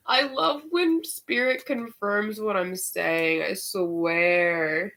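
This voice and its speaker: A woman's voice: mid-range voice, very slow, creaky, fairly bright tone, slight background noise. A woman giving a casual spiritual tarot reading, chatty and candid, swearing and using slang freely, and getting worked up over the cards. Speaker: tarot reader.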